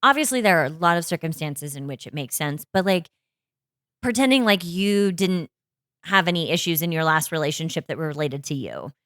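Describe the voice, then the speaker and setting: A woman with a notably low voice co-hosts a relaxed chat show, jumping between thoughts and restarting her sentences. Her speech is close and dry, with no room sound around it. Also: a little fast, dry recording. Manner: animated, frequent restarts, low voice. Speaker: podcast co-host. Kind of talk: casual chat.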